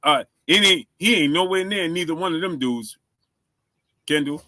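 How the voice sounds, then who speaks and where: Bright-voiced man hosting a casual live stream. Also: a little high, normal speed, no room sound. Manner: shouts out viewers, asks for likes; stumbles over words, repeats himself.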